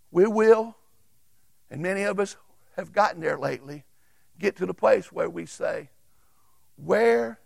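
A pastor preaching in a very high, gravelly voice. He reads scripture with emphatic pauses and speaks straight to his congregation. The sound is dry and close. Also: no room sound. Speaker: Baptist pastor. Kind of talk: sermon.

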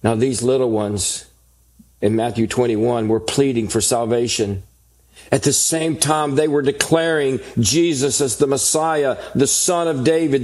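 A man's voice: mid-range voice, darkish tone. A man preaching a sermon, reading scripture and building emphatic lists. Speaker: pastor.

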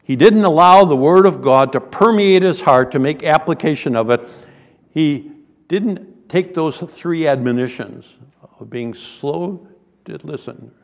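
A man preaching a sermon, reading scripture aloud and then expounding it, his voice rising into sudden loud, high bursts. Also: unhurried. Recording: long hall reverb.

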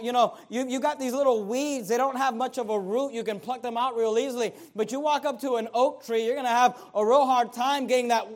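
A male pastor with a strikingly high voice delivers an emphatic sermon. He climbs to shouts, then falls almost to a hush, and keeps asking the congregation questions. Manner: emphatic, swinging from shouting to near-quiet; repeats rhetorical questions to the congregation.

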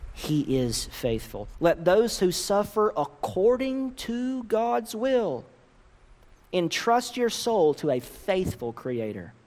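A man preaching a sermon earnestly, with emphatic rises in his voice. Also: fairly high pitch. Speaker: pastor. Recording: long reverb of a large hall.

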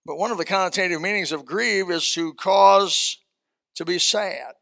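A man's voice: sits high, moderate pace, gravelly, sharp tone. An older man preaching a sermon as a pastor, reading scripture and telling folksy stories.

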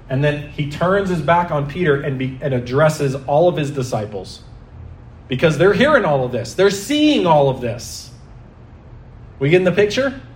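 A man's voice: fairly high pitch, reverberant. A man preaching a sermon, emphatic and questioning, who keeps asking the congregation rhetorical questions. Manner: emphatic, asks the crowd repeated questions.

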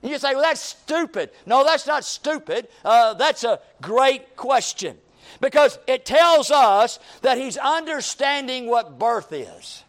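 A high-voiced man preaching. He lays out his sermon with strings of repeated questions and builds to emphatic peaks. His tone stays pitched up and full of conviction. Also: expressive, slow, fairly bright tone. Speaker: pastor.

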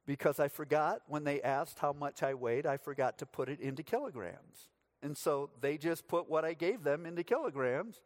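Middle-aged guy from the US giving a sermon, dry jokes, kinda high voice. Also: moderate pace. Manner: storytelling with dry humor. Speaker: pastor.

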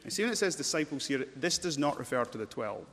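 A man's voice: medium pitch, lively intonation, fast, fairly bright tone, slight background noise. Emphatic male preacher in reverberant hall. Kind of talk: sermon. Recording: long church-hall reverb.

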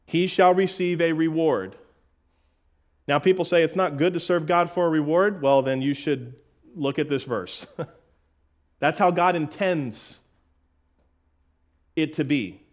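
A man's voice: on the high side, unhurried, long pauses. A man preaching an expository sermon as pastor, asking the congregation questions and dropping in casual asides. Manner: call-and-response questions to the congregation.

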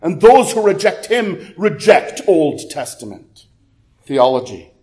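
A male pastor preaches slowly in a sing-song manner, talking conversationally with fillers and self-corrections. He builds to loud, emphatic peaks, then drops low again.

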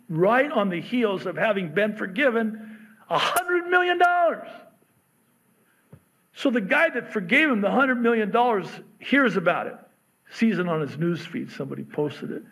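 A man's voice: high-pitched, a bit bright. Joking conversational male pastor. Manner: conversational and joking, acts out quotes. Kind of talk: sermon.

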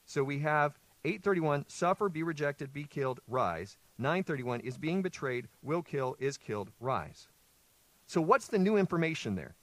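A male pastor preaches a sermon, reading scripture aloud, explaining it, and posing questions to his listeners before answering them himself. His mid-range voice has a fairly bright tone, and there's no echo.

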